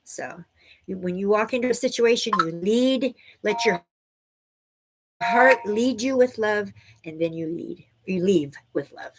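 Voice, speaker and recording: A woman's voice: medium pitch, measured pace, breathy edge. Rambling woman giving intuitive tarot readings. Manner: loose and rambling, searching for words, many "right?" asides. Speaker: tarot teacher and intuitive reader. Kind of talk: live online class, intuitive readings for viewers.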